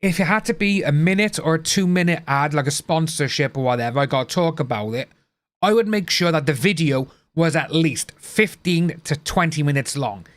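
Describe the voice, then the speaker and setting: A man's voice: a little high, expressive, normal speed. A man chatting casually to his livestream viewers, blunt and ranting, swearing freely. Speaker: livestream host.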